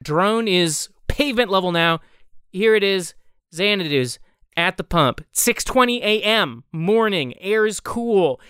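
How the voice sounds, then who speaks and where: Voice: medium pitch, lively intonation, measured pace, fairly bright tone, clear, resonant tone, dry recording. A game master narrating a tabletop game in a vivid, playful, cinematic way.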